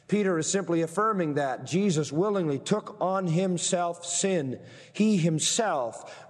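A pastor preaches in a church sanctuary, his somewhat high voice trailing into a long hall reverb. He makes his case point by point, slowing almost to a crawl to drive home the key phrases.

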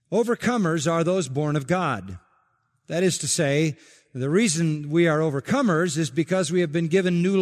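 A man preaching an expository sermon as pastor, emphatic, repeating key phrases and slowing down to stress them. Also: fairly high pitch, big-room sound.

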